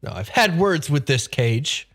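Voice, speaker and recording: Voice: medium pitch, very animated, a little slow, fairly bright tone, soft background music, heavily acted. A game master voicing an optimistic, cheerful male satyr in a tabletop game, breezy and self-assured. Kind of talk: tabletop role-play voicing.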